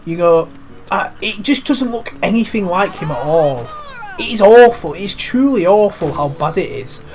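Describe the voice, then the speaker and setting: Rambling gamer with a cold. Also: male voice, high voice, animated, moderate pace, soft background music. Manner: cheeky, rambling, swears lightly. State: has a cold. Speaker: gaming commentator. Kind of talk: casual let's-play commentary.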